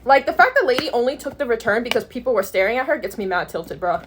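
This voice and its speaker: A young woman rattles through a storytime at a quick clip. Her voice sits fairly high and she laughs often. She talks casually, with plenty of slang. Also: slight background noise. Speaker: storytime vlogger. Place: New York City.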